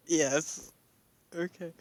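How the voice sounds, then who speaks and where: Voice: mid-range voice, steady tone, drawn-out words, darkish tone. A young player in a casual tabletop game, giggly and laid-back.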